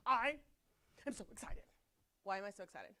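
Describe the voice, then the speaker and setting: A woman teaching a children's Sunday school class, bubbly and teasing, talking fast as she jokes with the kids. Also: mid-range voice, big pitch swings, pushed and bright. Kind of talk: children's class, lively and playful.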